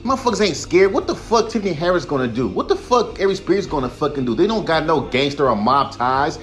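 On his solo podcast, a young host with a slightly high voice launches into a heated, profane rant at a quick, sing-song pace. Now and then he mocks others in put-on voices, while faint music plays softly in the background.

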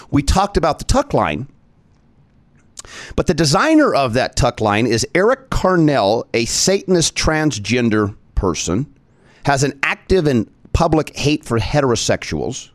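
A man's voice: a little high, sing-song, normal speed, dry recording. A man hosting an opinion podcast, talking straight to his listeners in an emphatic, indignant way. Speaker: podcast host. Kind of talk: opinion commentary.

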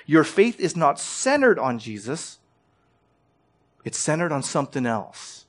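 A man's voice: medium pitch, very animated, a little slow. A man preaching a sermon as pastor. He presses his points with direct questions and rising emphasis, and often repeats words as he starts a phrase.

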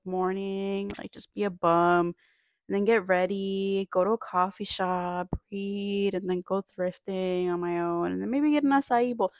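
A young woman in casual chat, talking in a relaxed, rambling way with many fillers. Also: mid-range voice, no room sound.

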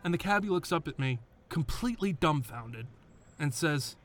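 A man's voice: on the high side, lively intonation, normal speed, a bit bright, slight background noise. A man narrating his own story in a scripted, blunt and profane first-person telling.

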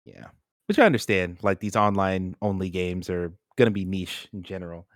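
A man with a fairly low voice hosts a laid-back gaming podcast. He talks loosely and swears freely while steering the group through its rankings. His voice sounds dry and close to the mic. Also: lively intonation, normal speed, no echo. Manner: loose, profane, runs the ranking discussion. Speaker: podcast host. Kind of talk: casual gaming podcast chat.

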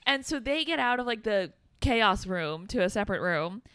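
Woman co-host, bright and crisp voice, laid-back casual chat. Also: mid-range voice, lively intonation, moderate pace, dry recording. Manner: laid-back, frequent "like", swears, laughs at the story. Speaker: podcast co-host.

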